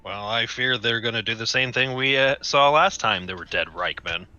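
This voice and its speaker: A man playing a tabletop game, chatting with his party in a joking, lively way. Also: medium pitch, moderate pace, highs cut off. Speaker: player. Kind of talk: casual tabletop game chat.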